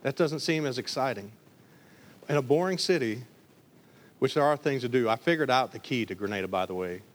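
A man from the Detroit area preaching a lively sermon, acting out voices in his stories. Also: mid-range voice, fast. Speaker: pastor.

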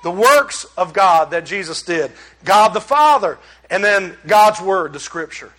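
Man preaching, high-pitched, bright, swings loud and soft. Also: measured pace. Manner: animated preaching, swinging between loud and hushed; addresses congregation as y'all. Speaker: pastor. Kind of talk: sermon.

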